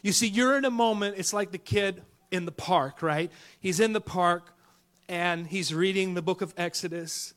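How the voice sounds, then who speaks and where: A man preaching a sermon who tells a story with jokes and swings between loud shouts and hushed whispers. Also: high-pitched, normal speed. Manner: tells jokes and acts out characters in stories.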